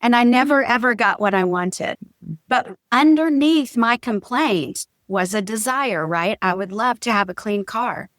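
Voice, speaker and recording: A woman's voice: fairly high pitch, unhurried, dry recording, clean studio sound. A woman, a marriage coach telling stories in a podcast chat and acting out the lines of the people in them. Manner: animated storyteller acting out quotes. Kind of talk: casual storytelling chat.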